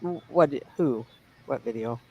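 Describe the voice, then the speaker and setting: A woman's voice: a bass voice, normal speed, darkish tone, highs cut off, a little hiss or hum. A woman from the Midwest co-hosting a casual livestream chat, gossipy and teasing, chuckling as she talks. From Midwest United States. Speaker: livestream co-host.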